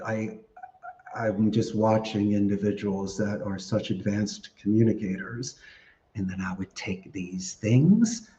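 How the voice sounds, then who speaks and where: A man's voice: on the low side, mellow. A man talking casually as a podcast guest, chatty and playful with words, laughing often. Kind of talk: casual interview talk. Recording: dull, roomy sound.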